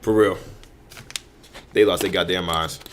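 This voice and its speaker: A man's voice: deep voice, steady tone, a little slow, slight background noise. A man hosting a show, delivering heated commentary full of restarts, repeated words and swearing. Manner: heated, repetitive, stammering restarts with frequent profanity. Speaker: host. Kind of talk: ranting commentary.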